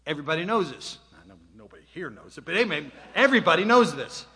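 A man in his sixties tells a self-deprecating story to a live audience, quizzing the crowd along the way. His voice is a little high, expressive and sharp, and he talks fast. Long hall reverb colors the recording.

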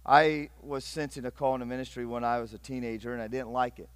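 A middle-aged man from Northeast Ohio preaching a sermon, swinging between loud urgent bursts and hushed, intimate passages. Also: medium pitch, fairly even intonation, quick pace, clear, resonant tone, no echo. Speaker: pastor.

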